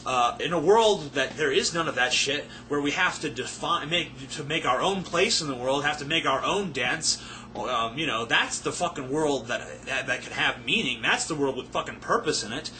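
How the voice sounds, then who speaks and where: With a fairly high, animated voice and a sharp tone, a tipsy man speaks at normal speed in a casual rant to camera, swearing and being sarcastic as he rambles through viewer questions. A little hiss or hum is audible.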